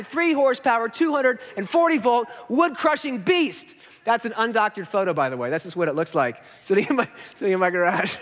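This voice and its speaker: A man in his thirties, a pastor telling a story in a sermon, self-mocking and animated, acting out what people said. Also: sits high. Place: large church auditorium. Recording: hall reverb.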